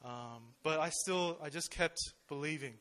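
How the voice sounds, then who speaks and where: Speaking at a measured pace, a young man with a slightly bright voice on the high side gives a relaxed church sermon. It's informal throughout, loaded with fillers and rhetorical questions.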